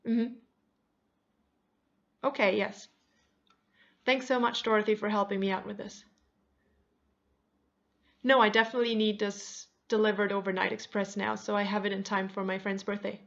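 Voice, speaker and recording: A woman's voice: mid-range voice, flat delivery, moderate pace, creaky, long pauses, fairly bright tone, muffled recording. A woman acting out a friend on a phone complaint call who is overly thankful to the agent but firm in her demands. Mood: sweet but firm.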